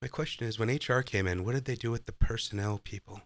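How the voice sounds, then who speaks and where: A man's voice: lowish voice, fast, dry recording. A man co-hosting a podcast, chatting casually over a movie with wry comebacks. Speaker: podcast co-host.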